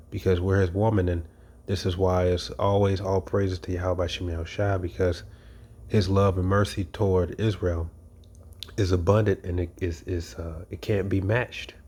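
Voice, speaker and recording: A man's voice: sits low, level tone, normal speed, a little mellow, husky. A man giving an informal sermon, talking in a conversational, emphatic way with frequent "you know" and repeated phrases. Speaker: preacher.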